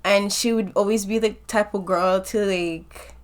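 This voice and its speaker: A woman's voice: mid-range voice, steady tone, measured pace. A woman guest on a podcast, telling personal stories candidly in slangy, filler-heavy talk. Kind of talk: casual conversation.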